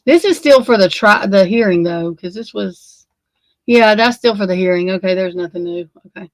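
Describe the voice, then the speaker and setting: In a dry recording, a woman with a mid-range voice speaks at normal speed while hosting a laid-back true crime livestream. She's sleepy and yawns, wanders off on tangents and swears in exasperation while talking to her chat.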